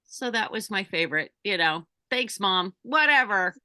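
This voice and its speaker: Woman storyteller on a video call, bright, forceful tone, dry close sound. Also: medium pitch, moderate pace, no room sound. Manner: animated storyteller, acts out quotes. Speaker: bookseller guest. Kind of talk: casual anecdote on a video call.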